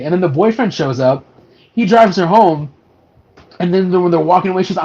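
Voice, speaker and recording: A man's voice: high voice, lively intonation, normal speed, a little mellow, muffled recording. A man co-hosting a casual movie review podcast, animatedly retelling scenes with acted-out quotes and lots of fillers. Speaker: podcast co-host.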